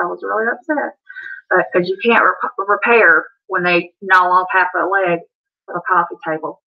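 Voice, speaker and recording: A woman with a Southern accent hosting a casual livestream, chatty and rambling, talking to viewers by name. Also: medium pitch. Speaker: livestream host. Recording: dull lo-fi stream audio.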